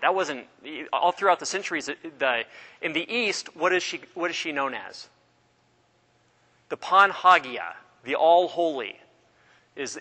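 A man with a bright, fairly high voice gives a classroom lecture on religion. He quizzes his students, tells stories, and often breaks off to restart a sentence. The sound rings with a long room reverb. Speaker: religion teacher.

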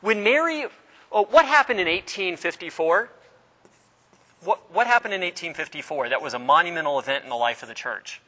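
Guy teaching a religion class, quizzing the kids, bright voice, echoey hall. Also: high voice, lively intonation, a little fast. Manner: quizzes the class, restarts sentences, storytelling. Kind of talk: classroom lecture. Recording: long reverb of a hall.

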